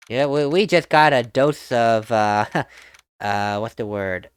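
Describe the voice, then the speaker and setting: A woman's voice: extremely low pitch, slow pace, clear, resonant tone. A woman hosting a let's play, giving chatty, giggly commentary on the story. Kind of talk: casual game commentary.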